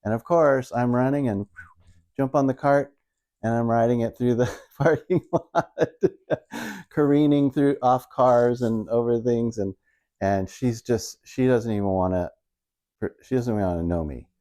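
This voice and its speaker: A man's voice: medium pitch, a little slow, dark tone. A middle-aged man doing casual stand-up storytelling, rambling and self-mocking as he retells everyday married life. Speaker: stand-up comedian.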